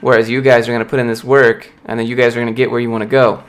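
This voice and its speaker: On his casual livestream, a young man who works as a software developer responds to viewer messages in a blunt, motivating way. He talks at a racing pace in a level, mid-range voice.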